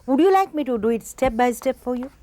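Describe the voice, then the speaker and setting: A woman guest doing mental arithmetic aloud in an interview, brisk, confident and playfully challenging. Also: high voice, lively intonation, mellow. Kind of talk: live studio demonstration.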